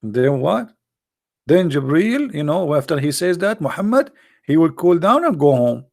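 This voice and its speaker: A man's voice: on the high side, very animated, moderate pace, creaky, darkish tone. A man hosting a livestream, talking casually and mockingly to his live chat and asking it rhetorical questions. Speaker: host of a livestream.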